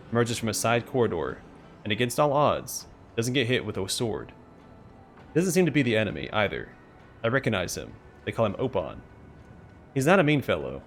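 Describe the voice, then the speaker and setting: Low voiced guy reading game story aloud, lots of ups and downs in his voice. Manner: expressive storytelling read. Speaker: let's play host.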